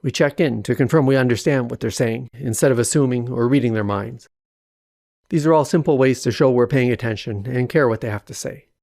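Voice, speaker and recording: Brief: male narrator, mid pitch, gravelly edge, dry close sound, calm instructive delivery. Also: brisk, dry recording. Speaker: self-help educator. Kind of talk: scripted narration.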